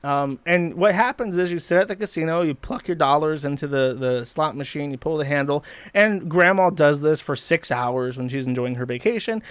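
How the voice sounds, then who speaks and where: A man's voice: fairly high pitch, moderate pace, clear, resonant tone, no room sound. A man hosting a live stream, ranting in a profane, mocking way. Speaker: streamer host.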